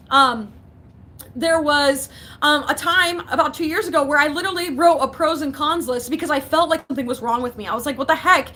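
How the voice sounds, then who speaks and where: In a high, bright, forceful voice, a young adult woman vlogs casually from her basement on a livestream. She's chatty and giggly as she reads out viewers' comments.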